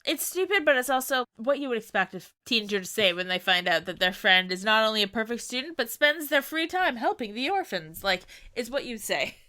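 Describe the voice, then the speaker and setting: A woman's voice: a little high, very animated, fairly quick, hardly any pauses, pushed and bright. A woman co-hosting a podcast, chatting wryly about characters in a story game. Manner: chatty, wry commentary on characters. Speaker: podcast co-host. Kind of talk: casual game recap chat.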